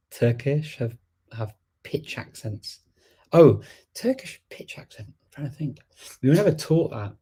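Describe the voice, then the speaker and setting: A man's voice: lowish voice, vocal fry, mellow, husky. A middle-aged man hosting a casual livestream Q&A, rambling and thinking aloud with many fillers. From England. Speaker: host. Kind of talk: livestream Q&A chat.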